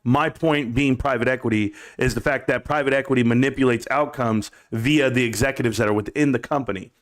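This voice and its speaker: A man hosting a live stream, talking loudly and energetically as he addresses his viewers and callers. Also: medium pitch, brisk. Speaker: livestream host. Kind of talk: live-stream market talk.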